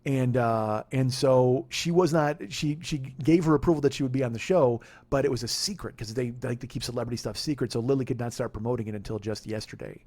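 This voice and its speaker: A man in his forties hosting a podcast, telling a story in a casual, profane, animated way and laughing at his own retellings. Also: medium pitch, brisk, hardly any pauses. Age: 40s. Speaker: podcast host.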